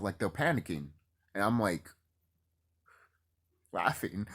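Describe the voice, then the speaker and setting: A man rambling excitedly and cursing freely in a casual vlog monologue to his viewers. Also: on the low side, normal speed, long pauses. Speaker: YouTuber.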